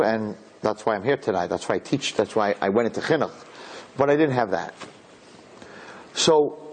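Husky-voiced man telling a story. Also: a little high. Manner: animated storyteller acting out dialogue, mixing in Hebrew and Yiddish terms. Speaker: rabbi and speaker. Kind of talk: inspirational storytelling talk.

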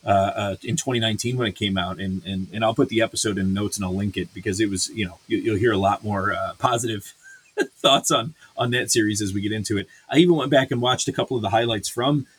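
Ranting husky-voiced man. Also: lowish voice, fast talker. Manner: profane and ranting, many fillers and restarts. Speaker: podcast host reviewing a series. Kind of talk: casual review chat.

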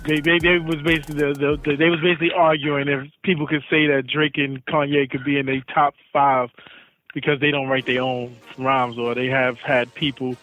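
A man in casual chat who puts his points forward calmly, often stammering before he gets going. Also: fairly high pitch, soft background music, poor audio. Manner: measured, stammers at the start of points. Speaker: podcast co-host.

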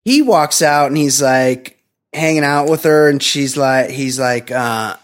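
A man co-hosting a podcast, recapping a film in a rambling, profane, joking way and slipping into quick mock voices. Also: medium pitch. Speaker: podcast co-host. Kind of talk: comedic movie recap.

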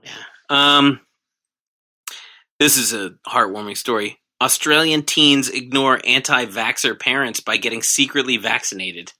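A man's voice: mid-range voice, measured pace, sharp tone. A man co-hosting a comedy podcast, reading out news items in casual banter with a dry, sarcastic delivery.

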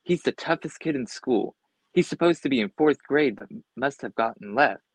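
A man voicing an excitable, jumpy schoolboy who talks urgently, reading a storybook aloud. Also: mid-range voice, moderate pace, husky, dry recording, voice pushed up. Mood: excited.

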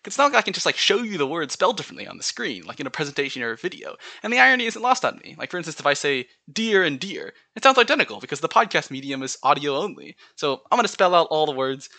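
A man's voice: a little high, very animated, fast talker, vocal fry, few pauses, bright, forceful tone, dry recording. A man with a General American accent hosting a solo podcast, chatting through word lists and spelling words out letter by letter. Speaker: podcast host.

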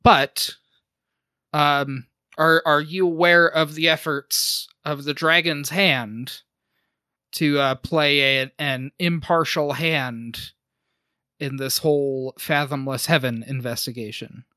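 A man's voice: fairly high pitch, fairly even intonation, slow, pushed and bright, clear, resonant tone, no echo. A man playing a tabletop game, speaking in character hesitantly and politely, with many fillers. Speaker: player. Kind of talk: in-character role-play.

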